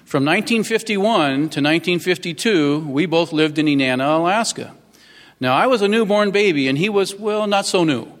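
A man's voice: on the high side, lively intonation, moderate pace, long reverb tail. A man in his fifties giving a folksy, earnest public speech as a newly sworn-in mayor, thanking people at a ceremony. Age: 50s. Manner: folksy and earnest, with many fillers.

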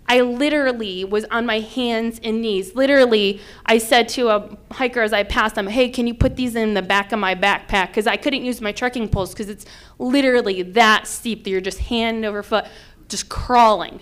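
Animated woman telling a hiking story. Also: on the high side, moderate pace, smooth. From upstate New York. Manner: animated, acts out quotes loudly. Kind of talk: spoken personal story.

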